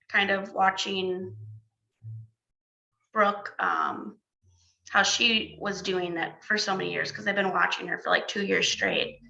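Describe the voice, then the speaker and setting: A woman's voice: medium pitch, vocal fry, sharp tone. A young woman, a new fitness coach, chatting casually on a live stream with lots of fillers and restarts, recorded through a video-call mic. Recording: roomy, slightly dull sound.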